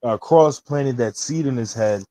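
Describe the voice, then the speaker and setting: A man with a mid-pitched voice describes wrestling segments in excited, loose slang, calling his listener bro. The recording is dry and close, with no room echo. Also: measured pace. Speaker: podcast co-host. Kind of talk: casual wrestling review chat.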